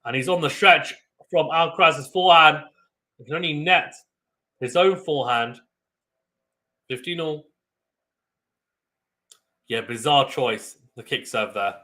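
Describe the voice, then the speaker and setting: A young man hosting a live tennis watchalong, giving excitable play-by-play with sudden bursts of loud surprise and chatting with viewers. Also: fairly high pitch, a little slow, pauses often. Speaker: watchalong host.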